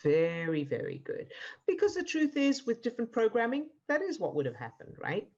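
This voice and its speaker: A woman coach guiding a participant through a live online session, calm and encouraging, explaining step by step. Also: fairly high pitch, a little fast, dull audio. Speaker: emotional fitness coach.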